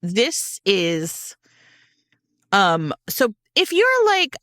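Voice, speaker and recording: A woman's voice: on the low side, lively intonation, moderate pace, a bit bright, no echo, studio quality. A woman co-hosting a podcast in casual chat about romance books, laughing often and swearing with enthusiasm. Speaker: podcast co-host.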